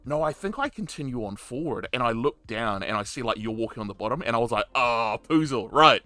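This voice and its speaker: A man's voice: medium pitch, animated, fast talker, fairly bright tone. A man in casual chat, enthusiastically recounting his roleplay moments and swearing freely. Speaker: roleplayer interviewee.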